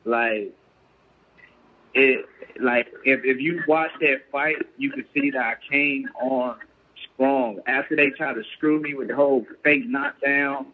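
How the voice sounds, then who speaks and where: Over a tinny phone line, a guest who boxes professionally chats casually in an unhurried, mid-range voice with fairly even intonation. He's earnest and keeps checking he's understood by asking "you get what I'm saying."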